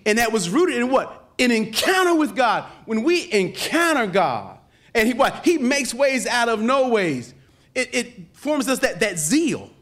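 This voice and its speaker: Pastor guy preaching, voice jumps all over, goes quiet then yells, call and response with the crowd. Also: big pitch swings, unhurried. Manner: preaching with call-and-response, swinging from low murmurs to shouts. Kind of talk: sermon.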